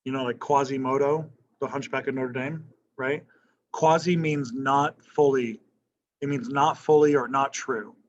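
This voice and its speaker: A man teaches a history class in a loose, conversational lecture. He keeps tossing questions to the room and tagging his points with "right?". His voice sits at an ordinary male pitch, and the classroom recording sounds slightly dull and lo-fi. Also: flat delivery, moderate pace, hardly any pauses.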